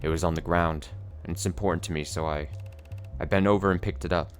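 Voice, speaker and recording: A man voicing a brooding, weary young male defendant in a game, recounting events in a flat, somber way. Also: low-pitched, fast, faint music behind, lightly acted.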